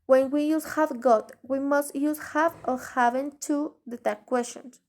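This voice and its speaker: A woman teaching an English grammar lesson in a halting way, pausing mid-sentence and reading example sentences aloud. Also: high voice, steady tone. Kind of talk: grammar lesson explaining tag questions.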